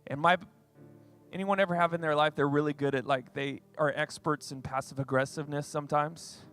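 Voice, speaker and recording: A man's voice: on the high side, fairly even intonation, a little fast, fairly bright tone, soft background music. A pastor in his forties preaching a sermon in a conversational, chatty way. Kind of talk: sermon with personal story.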